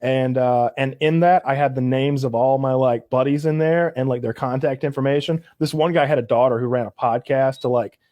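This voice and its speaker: A man in his thirties telling stories in a casual podcast chat, animated and quick to laugh. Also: medium pitch, dry recording. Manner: animated, laughs often, mimics others. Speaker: podcast co-host. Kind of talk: casual storytelling.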